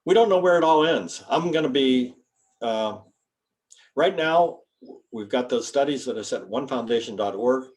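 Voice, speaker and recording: An older man, a chiropractor, guest-lectures students in a rambling, folksy, informal way, spelling terms out as he goes. His medium-pitched voice is darkish in tone, with lively intonation and a moderate pace.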